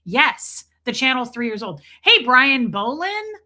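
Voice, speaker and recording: A woman's voice: high-pitched, big pitch swings, a little slow, sharp tone. A woman hosting a casual live stream, chatting loosely with viewers, greeting them by name and swearing freely.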